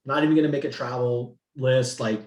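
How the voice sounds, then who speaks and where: A man from the San Francisco Bay Area, a guest in an interview, telling his story in an animated, profane way and acting out what people said. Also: mid-range voice, fairly quick, highs cut off. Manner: animated, profane, acts out quotes. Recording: roomy echo.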